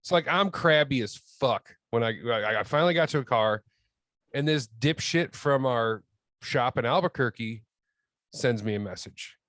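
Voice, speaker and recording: A man's voice: medium pitch, animated, normal speed, fairly bright tone, no room sound. A man telling a story on a podcast in a grumbling, heavily profane way. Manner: grumbling, heavy swearing. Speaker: returning podcast guest.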